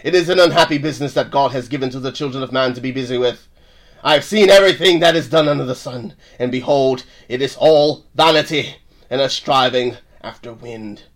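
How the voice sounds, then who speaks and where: A man voicing a weary old King Solomon in a put-on British accent, reading in a solemn, measured way. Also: mid-range voice, voice pushed down, close to an everyday voice.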